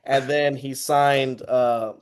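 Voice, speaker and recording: A man's voice: mid-range voice, slow, a crowd in the background. A young man from Texas telling a story in casual podcast chat, acting out the people he quotes. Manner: animated, acts out quoted voices. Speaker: podcast host.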